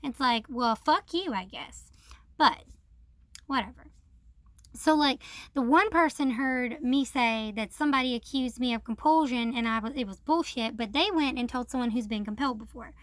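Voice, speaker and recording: Young woman, high pitch, dry close sound; blunt, profane vlog storyteller, aggrieved tone. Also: moderate pace, fairly bright tone, no echo. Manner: frank and profane, with many fillers; aggrieved, quoting others in a mocking tone.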